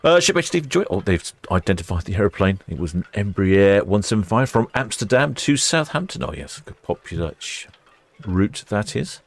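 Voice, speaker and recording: Deep-voiced chatty man. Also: sing-song, moderate pace, no room sound. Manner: chatty, self-mocking, thinks aloud. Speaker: live stream host. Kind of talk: casual live commentary reading viewer chat.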